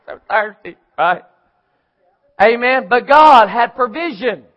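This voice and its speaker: A man with a very high voice preaches an emphatic sermon, calling back and forth with his congregation. The church recording sounds muffled and lo-fi. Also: expressive, slow. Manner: emphatic preaching with call-and-response.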